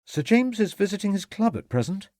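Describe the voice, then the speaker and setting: A man's voice: big pitch swings, a little slow, mellow, husky, dry recording, studio quality. A man voicing a fussy, anxious male butler who talks in a proper, superior way. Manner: superior, flustered, high and fluttery.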